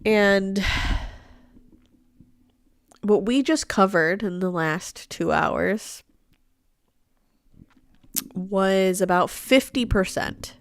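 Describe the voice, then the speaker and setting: A woman's voice: medium pitch, extremely slow, long pauses, clear, resonant tone, dry recording. A young woman hosting a live true crime recap in a casual, blunt way, swearing freely, her voice nasal and stuffed up. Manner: blunt, swears often, laughs while talking. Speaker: true crime livestream host.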